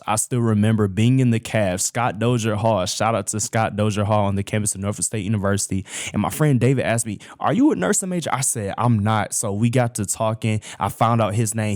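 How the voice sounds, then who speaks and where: A young man hosts his own show and tells personal stories in a loose, chatty way, often calling his listeners "y'all". His voice sits low and the recording is dry and close. He talks like he's sitting across from a friend. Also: darkish tone, no room sound. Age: young adult. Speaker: host. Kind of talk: casual personal storytelling.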